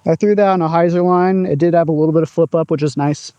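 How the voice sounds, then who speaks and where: Man, casual outdoor vlogger, chatty and upbeat, warm dry voice. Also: a little high, fairly even intonation, quick pace, no echo, dull audio. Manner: upbeat, chatty, narrating his own throws. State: out of breath at times. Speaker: disc golf vlogger. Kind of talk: casual outdoor vlog commentary. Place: open field outdoors.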